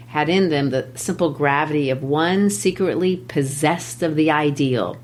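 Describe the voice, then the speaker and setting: A woman with a low voice hosts a literature podcast. She reads a short story aloud slowly and deliberately, then turns to explaining it in a teacherly way. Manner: measured, deliberate reading with pauses. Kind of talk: reading a story aloud and discussing it.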